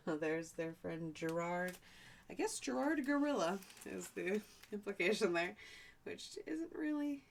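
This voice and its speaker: Slow, lively-voiced woman teacher reading aloud. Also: medium pitch, vocal fry, a little hiss or hum. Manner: chatty, adds asides and explains words. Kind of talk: reading a picture book aloud to young children.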